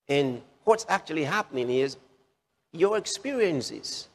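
A man preaching a sermon, slow and emphatic, repeating key phrases for effect. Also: sits high, long reverb tail.

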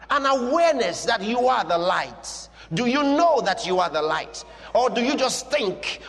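A man's voice: sits high, a bit bright, long reverb tail. A man preaching a sermon with emphatic, repetitive declarations.

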